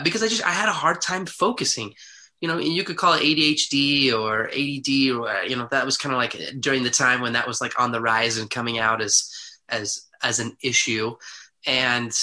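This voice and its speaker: A man, a podcast guest, telling a personal story in an animated way, acting out the people in it. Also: mid-range voice. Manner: animated, vivid retelling with acted quotes.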